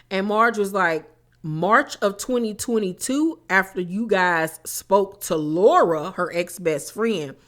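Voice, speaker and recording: A woman's voice: medium pitch, a bit bright. Young female recap host: casual, blunt, sassy, swears freely.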